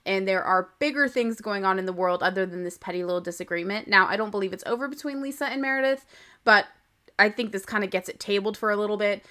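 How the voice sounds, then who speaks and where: A woman's voice: mid-range voice, quick pace, sharp tone. A young woman hosting a casual podcast recap. She talks in a chatty, opinionated way and laughs often. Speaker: podcast host. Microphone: podcast microphone.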